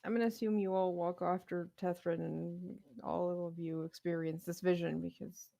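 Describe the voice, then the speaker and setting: A woman's voice: on the low side, flat delivery, creaky, mellow, no room sound. Woman narrating as game master. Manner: descriptive, measured scene-setting.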